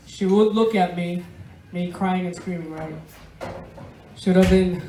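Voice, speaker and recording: A woman from Venezuela performs stand-up to a live crowd, talking at an unhurried pace with a deadpan, laughing delivery. Her voice sits at an ordinary pitch and comes from some way off the mic, in an echoey room. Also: far from the mic, a little hiss or hum. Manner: slow, laughing deadpan storytelling with swearing. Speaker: stand-up comedian. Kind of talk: stand-up comedy set. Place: large room of a bar, live audience.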